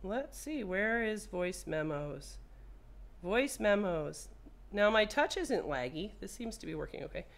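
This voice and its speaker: A woman of medium pitch, very animated yet measured in pace, shows viewers a hands-on repair. She jokes around, speaks to the phone itself, and curses out of frustration when it goes wrong.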